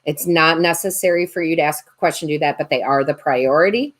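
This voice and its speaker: Speaking briskly in a deep voice, a female tarot reader and medium hosts a relaxed livestream chat, cracking jokes and reading aloud what viewers write in the comments.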